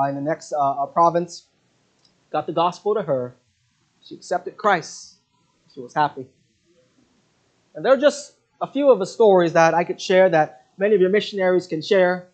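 Earnest man preaching a mission sermon. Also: fairly high pitch. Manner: earnest, halting, with many fillers. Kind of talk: sermon with storytelling. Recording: dull lo-fi recording.

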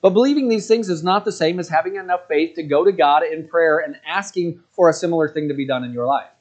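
A man's voice: a little high, quick pace. A man in his forties preaching in a church, conversational and joking, with frequent restarts and asides to the congregation. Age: 40s. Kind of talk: sermon.

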